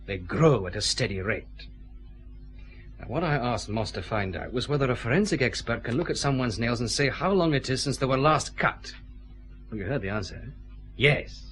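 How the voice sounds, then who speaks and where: An actor with a Scottish accent playing a methodical, confident detective chief inspector pressing suspects in a radio drama. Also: male voice, fairly low pitch, expressive, moderate pace, long pauses, fairly bright tone, a little hiss or hum.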